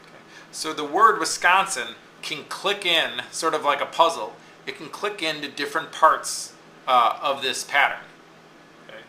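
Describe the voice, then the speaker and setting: A man's voice: a little high, normal speed, sharp tone, reverberant, slight background noise, poor audio. A man teaching a lesson, explaining step by step and often checking in with "okay?". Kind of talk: classroom lecture on poetic meter.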